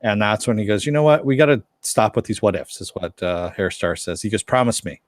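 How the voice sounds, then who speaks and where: A man's voice: fairly low pitch, a little fast, no room sound, clean studio sound. A man co-hosting a casual review chat, retelling scenes and acting out lines. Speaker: podcast co-host reviewing a TV episode.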